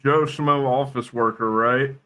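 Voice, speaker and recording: A man's voice: medium pitch, fairly even intonation, measured pace, sharp tone. A man co-hosting a casual podcast, acting out little scenes and swearing. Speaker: podcast co-host.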